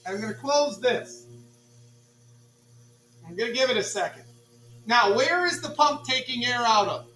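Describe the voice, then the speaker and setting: A male chemistry teacher running a classroom demonstration, joking with students, repeating "all right" and calling the class ladies and gentlemen. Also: very high voice, lively intonation, moderate pace, long pauses, faint music behind. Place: school classroom. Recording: echoey classroom from far off.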